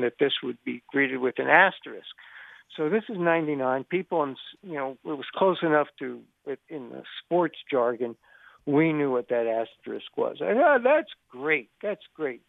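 The caller is an older male sports journalist whose voice is gravelly and on the high side, heard over a phone line without echo. He spins a long, lively story on the radio show, voicing the people he quotes.

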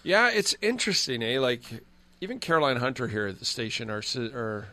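A Canadian man hosting a sports radio show, chatting casually and telling stories with lively asides. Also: medium pitch, a little fast, dry recording. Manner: chatty, storytelling with animated voice impressions.

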